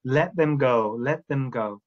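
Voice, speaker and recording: A man trains teachers, walking through classroom steps and frequently checking in with "all right?". He speaks slowly in a mid-range voice, and the audio is lo-fi.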